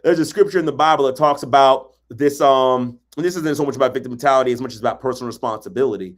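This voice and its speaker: A man giving a motivational relationship talk, emphatic and colloquial, hammering points with repetition and acting out quotes. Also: medium pitch. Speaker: relationship coach.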